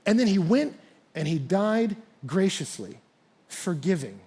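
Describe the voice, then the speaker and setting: A man's voice: high-pitched, big pitch swings, fast talker, darkish tone, husky. A man pastor preaching a sermon, telling stories animatedly and acting out the quotes.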